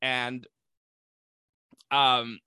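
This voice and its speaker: A man casually recapping a movie plot, animated and full of "like" fillers, jumping into quick voices for the characters. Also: mid-range voice, clear, resonant tone, dry recording. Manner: many "like" fillers.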